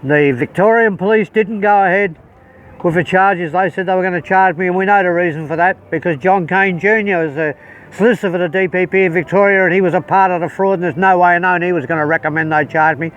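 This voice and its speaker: A man's voice: high voice, fairly even intonation, fast, fairly bright tone, distant mic, muffled recording. A man with an Australian accent records a blunt, heated, swearing statement to his phone outdoors at a harbour. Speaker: self-recorded video speaker. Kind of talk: angry to-camera statement.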